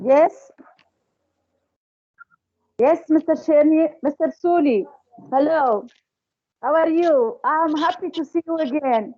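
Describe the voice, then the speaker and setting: A woman's voice: high voice, slow pace, long pauses, mellow, dry recording, muffled recording. A woman giving hesitant, grateful remarks on a video call. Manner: hesitant, repeats herself. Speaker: former trainee teacher.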